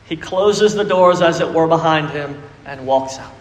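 Male pastor, high voice, emphatic sermon with questions, reverberant church hall. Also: moderate pace. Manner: preachy and emphatic, asks the congregation questions. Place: church sanctuary.

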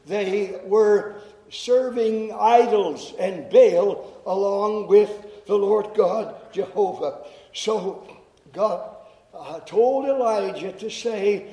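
Slow high-voiced man preaching in a hall. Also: mellow. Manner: deliberate, explanatory, repeats phrases for emphasis. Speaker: chapel speaker. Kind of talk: sermon to students. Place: chapel hall. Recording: echoey chapel hall.

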